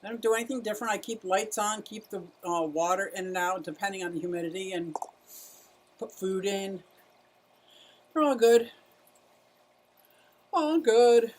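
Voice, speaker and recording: A woman's voice: medium pitch, steady tone, a little fast, slight background noise. A middle-aged woman chatting casually on a livestream about her pet turtles, greeting viewers and talking to her animals. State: out of breath at times.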